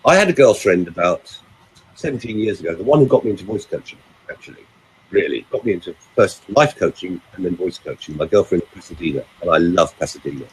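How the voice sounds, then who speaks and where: A male vocal coach telling a story in a casual chat. His voice swings widely in pitch as he talks. The tone is smooth and resonant. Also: fast, low-quality recording. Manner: lively, animated storytelling with varied pace.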